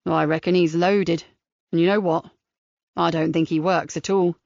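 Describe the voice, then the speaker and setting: A woman's voice: lowish voice, fairly even intonation, moderate pace, creaky, a little mellow, no echo, pitched below the performer's own voice. A woman voicing a shrewd male detective with a wry, knowing manner. The recording is dry and slightly dull.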